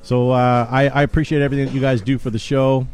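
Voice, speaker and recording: A man's voice: mid-range voice, flat delivery, fast, a little mellow, faint music behind. A man hosting a casual live podcast, joking and handing out gifts to his co-hosts. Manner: upbeat, jokey, handing out gifts on air. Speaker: podcast host. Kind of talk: casual show banter.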